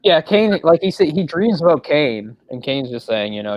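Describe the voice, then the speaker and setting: A man in casual chat about movies, his voice at an ordinary male pitch. He rambles and fills the gaps with "like" and "you know". The recording sounds dull and lo-fi. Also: a little fast, hardly any pauses. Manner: rambling, filler-heavy. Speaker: podcast co-host. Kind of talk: casual film discussion.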